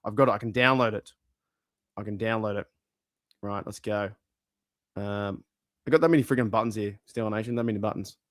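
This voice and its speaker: A man from Australia hosting a fan live stream, talking in a chatty, excitable way and swearing now and then. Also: lowish voice, brisk, long pauses, no echo, studio quality. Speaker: fan channel host. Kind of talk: casual live-stream chat.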